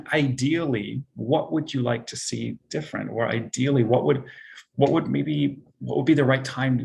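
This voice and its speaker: Guy leading a sales training, talks soft and relaxed on purpose, bit of fry in the voice. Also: mid-range voice. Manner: deliberately soft-spoken and relaxed; questioning, exploratory phrasing. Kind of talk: presenting a training session.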